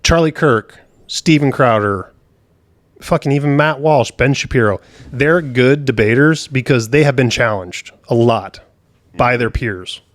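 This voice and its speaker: A man's voice: mid-range voice, measured pace, no echo. A man co-hosting a podcast in casual political chat, talking bluntly and swearing freely. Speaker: podcast co-host.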